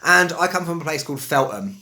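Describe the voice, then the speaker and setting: A man's voice: a little high, fairly quick. A man from England with a West London accent, giving a chatty, jokey video lesson on accents. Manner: chatty and animated, jokey asides. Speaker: English teacher.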